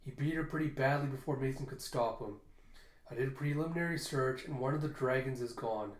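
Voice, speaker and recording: A man's voice: medium pitch, a little fast, lightly acted. A man reading a comic aloud, voicing a stern, commanding young woman soldier in clipped orders, in a roomy echo. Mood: grim report.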